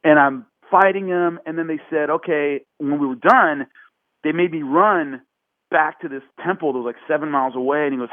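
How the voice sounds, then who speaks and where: Man, podcast guest, casual storytelling, slightly high voice, dry sound. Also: a little fast, no room sound. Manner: animated, acts out quotes with raised pitch. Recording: phone-like narrow band.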